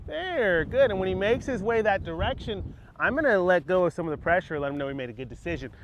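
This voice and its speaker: A man with a slightly high voice works a horse through a gate outdoors, talking calmly and praising it constantly. He explains each step of the training as he goes. The recording sounds a little dull and lo-fi, with faint outdoor noise behind him. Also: quick pace. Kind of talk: hands-on training demonstration.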